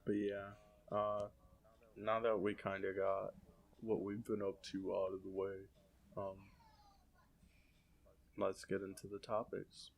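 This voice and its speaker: A man hosting a podcast, telling relaxed, rambling stories in a casual chat. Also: deep voice, takes it slowly, creaky, long pauses. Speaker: podcast host.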